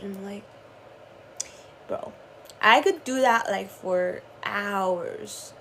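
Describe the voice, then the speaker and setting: A young woman talking casually to her viewers, drifting between soft dreamy musing and laughing, swearing frustration. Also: mid-range voice, slow, long pauses, a little hiss or hum. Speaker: spiritual channeler vlogger.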